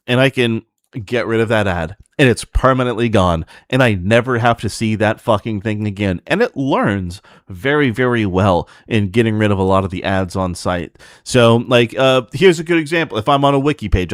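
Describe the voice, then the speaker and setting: A man's voice: fairly low pitch, moderate pace, no echo, clean studio sound. A man hosting a livestream, talking casually in a blunt, profane, ranting way to his chat. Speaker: streamer host.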